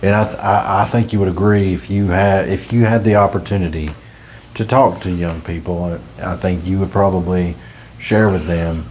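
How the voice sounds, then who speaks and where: A man's voice: sits low, steady tone, moderate pace, a little mellow, slight background noise. A man in his thirties hosting a casual faith conversation, earnest and encouraging, laughing easily. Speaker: ministry podcast host.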